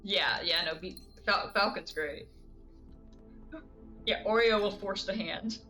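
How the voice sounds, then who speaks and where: Bright chatty girl streaming, giggly, middle pitch, just talking to chat. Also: slow pace, soft background music. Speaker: game streamer. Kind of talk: casual live-stream chat.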